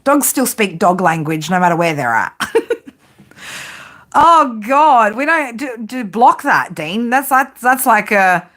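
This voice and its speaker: A woman's voice: on the high side, big pitch swings, takes it slowly, bright, forceful tone. Blunt, profane woman reading tarot. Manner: blunt, profane, laughing often. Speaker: tarot reader.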